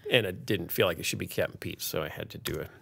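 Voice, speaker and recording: A man's voice: low-pitched, gravelly, pushed and bright, breathy edge. A man hosting a podcast, chatting in a playful, joking way. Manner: playful, jokey, quick to riff. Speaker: podcast host. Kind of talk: casual chat.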